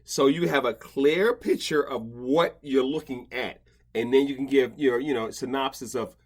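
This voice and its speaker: A podcast host who is a dog behavior expert chats casually, talking in rambling bursts full of restarts and stammers. His mid-range voice has a breathy edge and moves at normal speed.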